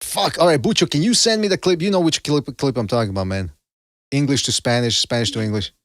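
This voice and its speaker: A man's voice: medium pitch, quick pace, dry recording, clean studio sound. A man hosting a casual podcast, joking, laughing often and drifting into asides. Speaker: podcast host.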